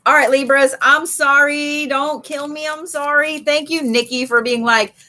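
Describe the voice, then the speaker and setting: High, bright-voiced woman reading cards. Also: fairly even intonation, a little slow. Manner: chatty, swears freely, laughs often. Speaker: live tarot reader. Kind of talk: casual live-stream card reading. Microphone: streaming setup.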